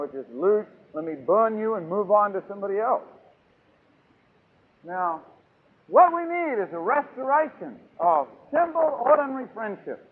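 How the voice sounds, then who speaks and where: A man from New Zealand preaches with a husky, high voice, pressing each point hard and then dropping low. The recording is thin and lo-fi, like it came down a phone line. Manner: emphatic, swinging from loud to soft. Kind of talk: sermon.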